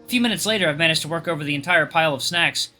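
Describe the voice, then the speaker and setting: A young man reading a visual novel aloud with casual asides, expressive and lively. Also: fairly high pitch, racing, faint music behind. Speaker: gaming YouTuber.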